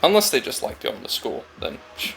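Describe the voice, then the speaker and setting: A man's voice: mid-range voice, wildly swooping pitch, brisk, gravelly, a bit bright, soft background music. A man talking casually and reflectively while carving wood, rambling through a story and acting out little conversations. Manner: rambling, storytelling, acts out quoted chats. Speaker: woodcarver vlogger.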